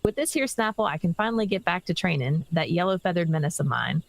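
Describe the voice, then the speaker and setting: A woman voicing a gruff rustic stable hand from a game, full of dialect and exclamations. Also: lowish voice, expressive, quick pace. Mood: grateful. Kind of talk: reading game dialogue aloud.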